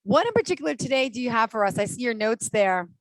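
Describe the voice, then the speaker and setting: A woman's voice: a little high, sing-song, fast talker, no room sound, poor audio. A woman hosting a podcast interview, effusive and gushing with praise. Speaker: podcast host.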